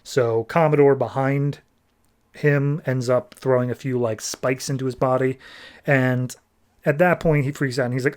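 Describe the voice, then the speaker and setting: A man with a steady, slightly mellow, medium-pitched voice hosts a podcast about comics. He casually recaps an issue in a loose, chatty way, saying "like" a lot and quickly paraphrasing what the characters say.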